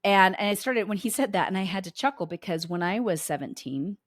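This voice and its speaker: On her homeschooling podcast, a middle-aged woman shares family anecdotes with listeners, voicing the dialogue herself in a casual tone. Her medium-pitched voice has lively intonation and moves a little fast, with clean studio sound and no echo.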